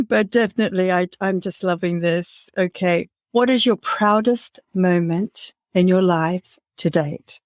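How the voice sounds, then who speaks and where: A middle-aged woman hosting a podcast interview, speaking in a measured, reflective way. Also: fairly low pitch, no echo, clean studio sound. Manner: slow, measured, warm and reflective. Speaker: podcast host. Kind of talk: conversational interview.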